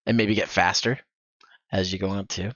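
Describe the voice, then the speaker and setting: A man hosts a voice acting workshop, encouraging and directing with quick demo readings. His voice comes through a gaming headset, sounding muffled and dry with no room behind it. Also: deep voice, steady tone, a bit bright, no room sound. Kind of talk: instructive streaming chat. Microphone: gaming headset mic. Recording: dull, dry headset audio.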